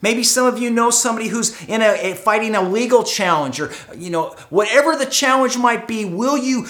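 A pastor preaching a sermon, shifting between loud emphatic moments and quiet hushed ones, and repeating words for emphasis. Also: medium pitch, animated, fairly quick, roomy sound. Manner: dramatic, swings from loud to hushed. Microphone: streamed service mic.

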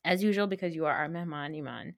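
A woman's voice: sits low, quick pace. Playful woman podcast host. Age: 30s. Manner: playful, teasing, laughs along. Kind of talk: casual chat.

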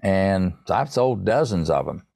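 A man's voice: low voice, sing-song, measured pace, gravelly, a little mellow, breathy edge, dry recording, studio quality. A man being interviewed, telling a long rambling story about his music and often restarting his sentences. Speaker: songwriter guest.

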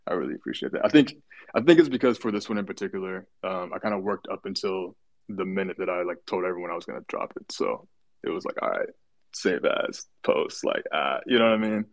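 Deep-voiced man moderating casually. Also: fast talker, no echo. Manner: hesitant, filler-heavy, appreciative. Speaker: moderator of an artist chat. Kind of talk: casual online group chat.

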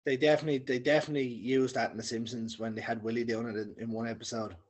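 A man's voice: medium pitch, little pitch movement, rapid-fire, darkish tone, a little hiss or hum. A man co-hosting a podcast, chatting casually with short remarks and tag questions. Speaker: podcast co-host. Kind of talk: casual film chat.

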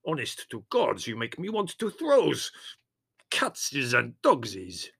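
A man voicing a gruff, blustering man who speaks loud broken English and scolds with drawn-out words. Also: mid-range voice, wildly swooping pitch, pitched above the performer's own voice, full character voice. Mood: disgusted.

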